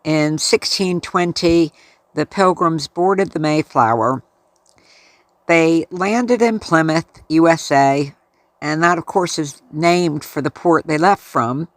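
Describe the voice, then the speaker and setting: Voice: medium pitch, takes it slowly, dry recording. An American travel vlogger narrating a casual tour in a chatty, friendly storytelling way. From United States.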